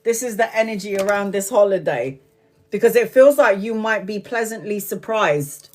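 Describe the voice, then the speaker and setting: A chatty woman hosting a live tarot reading, laughing often as she goes. She slows down and draws out her words when she wants to stress something, in a voice of ordinary middle pitch. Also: animated, a little mellow. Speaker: tarot reader.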